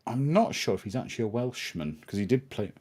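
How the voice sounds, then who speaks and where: A man's voice: medium pitch, lively intonation, brisk, a little mellow. A man co-hosting a film watch party, giving dry, explanatory commentary with asides about the film.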